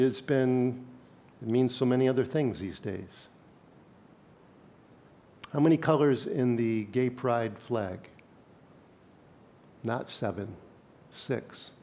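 A man at a middle pitch preaching to his congregation. He talks to them plainly and conversationally, breaks off to read scripture aloud, and stops now and then to quiz the room. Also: unhurried, long pauses, warm tone. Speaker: pastor. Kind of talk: sermon.

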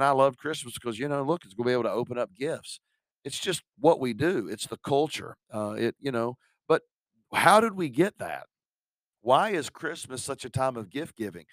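A man's voice: mid-range voice, dry recording. A middle-aged man, a pastor preaching a sermon in a conversational way, asking the congregation questions.

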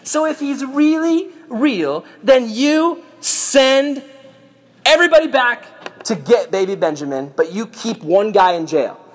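A man's voice: high-pitched, expressive, moderate pace. A man doing a harsh, scheming governor. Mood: demanding. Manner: harsh, accusing, theatrical. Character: stern male governor grilling strangers.

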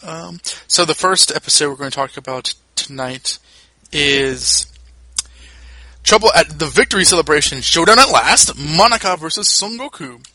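A man hosts a casual podcast, talking through a plot recap in a loose, rambling way full of fillers and restarts. His voice is bright and forward. The sound is dry and close, with no room around it. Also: fairly high pitch, expressive, normal speed, dry recording, low-quality recording. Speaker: podcast host.

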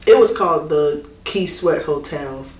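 A woman from the Atlanta area co-hosting a podcast in casual chat, animated and laughing often as she tells stories. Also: low-pitched, measured pace, recorded from a distance. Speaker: podcast co-host. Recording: roomy echo with faint noise.

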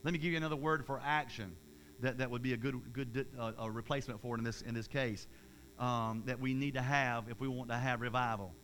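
A man, preaching a sermon in an energetic, emphatic way, with repeated phrases and restarts. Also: medium pitch, brisk, slight background noise.

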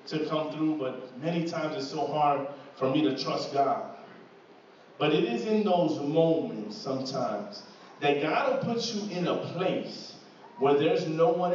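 Man preaching, high voice, heard from far off in a big echoey hall, dull sound. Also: slight background noise. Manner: repeats words, asks the church "right?" often, builds to loud passages. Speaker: pastor. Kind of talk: sermon. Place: church hall.

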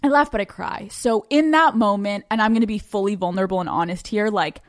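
A woman's voice: mid-range voice, fairly quick, dry recording, clean studio sound. A young adult woman hosting a podcast, telling a candid personal story in a frank, profane way and laughing often. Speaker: podcast host.

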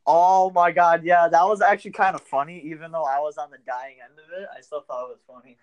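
A young man co-hosts a casual podcast chat about a video game, rambling with lots of filler words and laughing often. His voice is a little high with a steady tone, and he talks fast. The recording sounds muffled.

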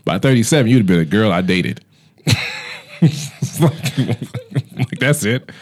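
A man co-hosting a podcast, telling loud, profane comedic stories with put-on voices. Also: mid-range voice, animated, slow pace. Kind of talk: casual comedic chat.

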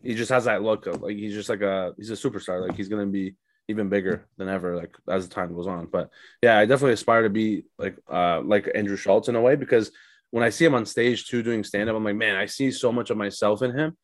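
Speaking quickly in a fairly low voice, a young male comic guests on a podcast, swearing freely and rambling through a relaxed chat full of fillers. No echo can be heard.

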